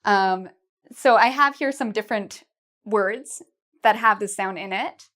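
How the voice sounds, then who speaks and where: A woman's voice: medium pitch, a bit bright. A woman teaching an English pronunciation lesson to camera, patiently modelling vowel sounds and words for learners to repeat. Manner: patient, slow, models sounds with exaggerated mouth shapes.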